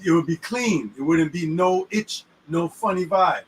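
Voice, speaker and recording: A man's voice: a little high, unhurried. Slang-heavy man teaching from a car. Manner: street slang, keeps asking if you follow him. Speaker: host explaining the weekly Torah portion. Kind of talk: casual teaching chat. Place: inside a moving car. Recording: distant mic in a car with faint road noise.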